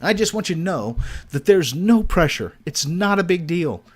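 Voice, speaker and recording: A man's voice: high-pitched, animated, moderate pace, slightly rough, faint music behind. A man reading an earnest, competitive game dad. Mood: intense. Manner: earnest, overly intense.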